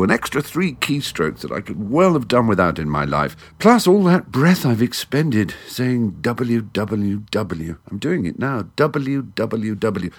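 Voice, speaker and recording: A middle-aged English man speaks into a studio microphone with a very low voice that swoops about expressively. He hosts a solo podcast in a wry, theatrical, erudite manner. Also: fairly bright tone. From England. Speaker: podcast host. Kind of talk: monologue podcast.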